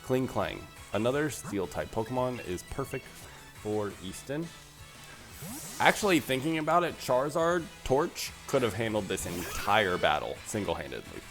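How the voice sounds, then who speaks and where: Animated man doing game commentary. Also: on the low side, normal speed, faint music behind. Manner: playful, animated, joking. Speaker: let's play host. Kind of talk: gameplay commentary.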